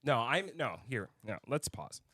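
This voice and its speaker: A man's voice: mid-range voice, sing-song, unhurried, sharp tone, dry recording, clean studio sound. A man co-hosting a podcast in casual chat, telling a story with heated anger and frequent swearing. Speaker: podcast co-host.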